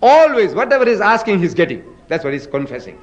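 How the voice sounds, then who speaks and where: Male debater, higher register, emphatic and theatrical, muffled lo-fi tape. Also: sing-song, quick pace, fairly bright tone. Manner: emphatic, rhetorical questions to the audience; dramatic, acts out scripture quotes. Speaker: speaker in a religious debate. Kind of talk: public debate lecture.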